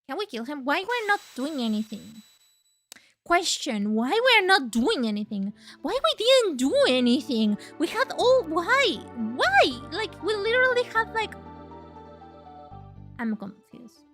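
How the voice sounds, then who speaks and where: A woman streamer whose first language is Spanish, chatting excitably over a game, swearing and leaping up in pitch. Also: unhurried, no room sound, soft background music. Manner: excitable, jumps high in pitch, swears, laughs. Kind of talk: live game stream chat, reading dialogue aloud.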